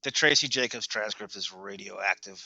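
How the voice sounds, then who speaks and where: A man's voice: lowish voice, moderate pace, creaky, bright, forceful tone, dull audio. A man co-hosting a podcast in casual chat. He gives blunt opinions and often restarts his sentences. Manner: blunt, opinionated, repeats words when starting sentences. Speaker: podcast co-host.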